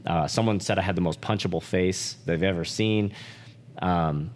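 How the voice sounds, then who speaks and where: A man's voice: deep voice, moderate pace, darkish tone, big-room sound, slight background noise. A man co-hosting a podcast, talking candidly and emotionally with lots of "like" fillers and swearing. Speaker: podcast co-host.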